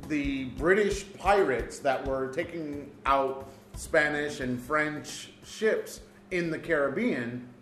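A man's voice: on the high side, slow, few pauses, echoey room, soft background music. Argumentative man in casual chat. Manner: argumentative, animated, voice jumps up when insisting. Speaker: podcast co-host.

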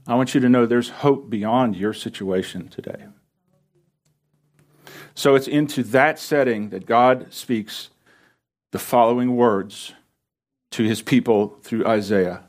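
A man's voice: medium pitch, slow pace, pauses often. A man preaching an earnest sermon from a church stage, using repetition to drive his points home. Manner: earnest, builds emphasis through repetition. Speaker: pastor. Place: church stage under lights.

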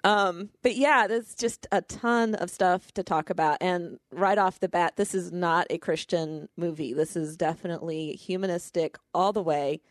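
Chatty low-voiced woman reviewing a film. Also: normal speed, few pauses, dry recording, clean studio sound. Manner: chatty, laughs often, many restarts. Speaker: podcast co-host. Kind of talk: casual film review chat.

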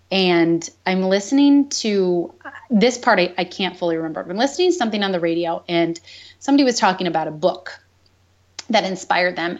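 A woman guest on a podcast, candidly telling a painful personal story with earnest openness and the odd laugh. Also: lowish voice. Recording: dull lo-fi sound.

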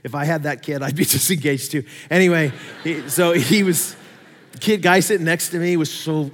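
A man preaching a sermon, telling stories with animated swings between loud emphasis and quiet asides. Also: on the high side, brisk, long reverb tail. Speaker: pastor.

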